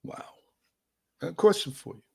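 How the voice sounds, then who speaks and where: A man's voice: fairly high pitch, animated, moderate pace, fairly bright tone. A man preaching a sermon in a conversational, emphatic way, repeating phrases and calling on his listeners directly. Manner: conversational, addresses audience as y'all.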